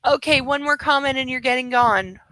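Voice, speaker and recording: A woman riffs sarcastically through a live-streamed book club, swearing casually as she goes. Her voice sits a little high and sounds bright and sharp. The sound is dry and close, with no room echo. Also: a little fast. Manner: sarcastic, profane and chatty.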